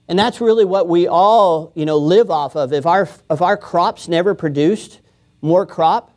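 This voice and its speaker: High-voiced joking male pastor. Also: darkish tone. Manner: casual, joking, chuckles often; acts out quoted voices. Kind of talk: sermon. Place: church.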